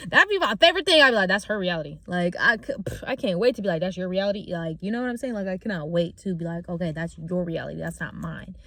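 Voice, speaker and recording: A young vlogger with a lowish, fairly bright voice talks fast while driving, with road noise from the moving car but no echo. She speaks casually and bluntly about spiritual healing, swearing freely.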